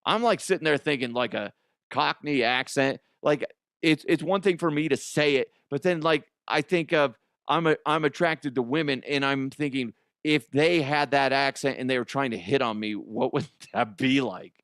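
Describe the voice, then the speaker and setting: A man's voice: mid-range voice, moderate pace, a bit bright, no room sound, clean studio sound. A man hosting a comedy podcast, rambling through a crude monologue, giggling and swearing.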